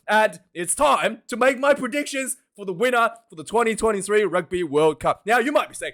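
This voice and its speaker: A man hosting a casual rugby predictions vlog, talking in an animated, jokey, ranting way with loud outbursts. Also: high-pitched, brisk, hardly any pauses. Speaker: rugby vlogger.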